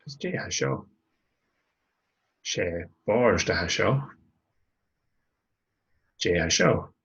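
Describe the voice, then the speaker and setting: Slow, gravelly low-voiced man teaching. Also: expressive, fairly bright tone, muffled recording. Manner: slow, patient, repeats phrases for learners. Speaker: language tutor. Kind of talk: recorded language lesson.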